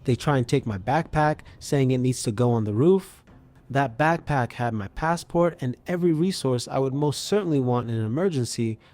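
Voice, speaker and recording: A man narrating a scripted story with a steady, even storytelling delivery. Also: medium pitch, normal speed.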